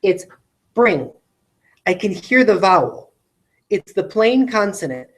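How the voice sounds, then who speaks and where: A woman teaching a recorded phonics lesson to classrooms, slowly stretching out word sounds and checking in with rhetorical questions. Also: medium pitch, very animated, rough recording.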